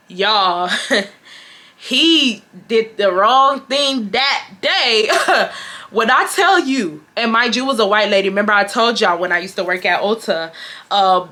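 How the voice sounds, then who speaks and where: This Houston, Texas beauty vlogger is recounting something from work, talking casually and bluntly and addressing her audience as y'all. She sounds young, a bit high-pitched, bright and pushed, with lively intonation and an unhurried delivery.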